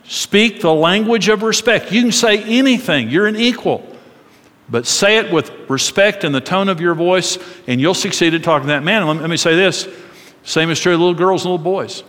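Middle-aged male pastor, earnest sermon delivery, a touch high-pitched, in a reverberant hall. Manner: earnest preaching, drops soft and low for quoted tender words.

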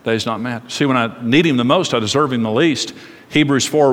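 A man's voice: medium pitch, a little fast. A middle-aged male pastor preaching a sermon with impassioned, repetitive, rhythmic emphasis. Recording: long reverb of a large hall.

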